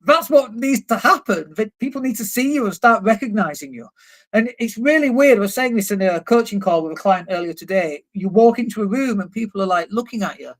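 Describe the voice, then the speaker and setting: A man's voice: sits high, animated, brisk. A man and marketing coach, talking casually on a livestream. He is blunt and emphatic and swears now and then. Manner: blunt, emphatic, swears casually, mocks objections in put-on voices. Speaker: marketing coach and live streamer. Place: indoors at a computer, living in Spain.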